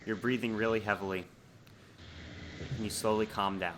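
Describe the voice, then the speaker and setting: A man running a tabletop horror game as game master, relaxed, often asking the players what they do. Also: lowish voice, normal speed, slight background noise. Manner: relaxed, asks players questions, fillers.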